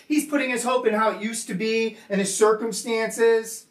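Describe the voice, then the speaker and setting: A man's voice: high-pitched, steady tone, normal speed. A man preaching a casual sermon as pastor, talking in a loose, conversational way with many fillers and restarts. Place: church hall. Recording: echoey hall, voice from far off.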